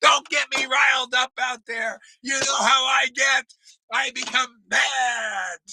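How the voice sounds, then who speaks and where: Outdoors in a desert, a man with a very high-pitched voice leads a spiritual class, giving a fiery, profane sermon at a moderate pace in a level tone. He scolds his listeners, often laughing and shouting, over background noise.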